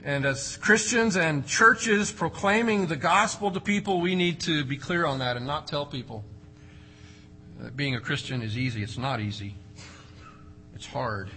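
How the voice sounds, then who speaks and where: A man's voice: fairly high pitch, a little slow, sharp tone, soft background music, rough recording. A man preaching an expository sermon, emphatic, with rhetorical questions and strong rises and drops for stress. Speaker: pastor.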